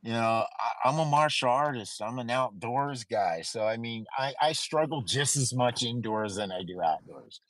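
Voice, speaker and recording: A man telling stories in a casual chat, animated and freely profane. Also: mid-range voice, normal speed, few pauses, rough recording.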